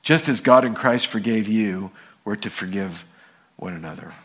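A man's voice: normal speed, slightly rough. A male pastor preaching a sermon, telling stories and acting out the people in them with a raised voice. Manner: animated storytelling, acts out quoted people in a high voice.

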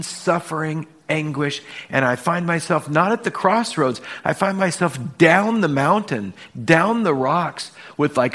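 A man's voice: mid-range voice, fairly bright tone. Man preaching a storytelling sermon. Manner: storytelling with acted-out dialogue, varied emphasis. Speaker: pastor.

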